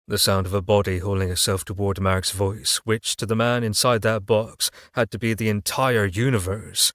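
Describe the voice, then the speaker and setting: A man narrating a dark fantasy audiobook in a measured, dramatic reading. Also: fairly low pitch, little pitch movement, no echo, studio quality.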